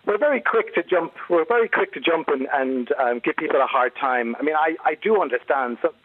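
Male accent coach, high-ish, relaxed, heard over a phone line. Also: a little fast. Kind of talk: radio interview.

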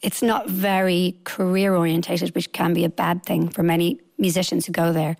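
A woman's voice: lowish voice, level tone, normal speed, gravelly. An Irish woman musician, a guest chatting easily and telling stories about her life. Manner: chatty, warm storytelling with laughs. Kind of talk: casual interview chat.

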